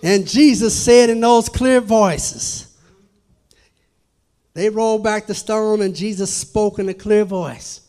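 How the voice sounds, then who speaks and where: A man preaching a sermon at a church service, swinging from hushed to loud, emphatic calls. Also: high voice, slow.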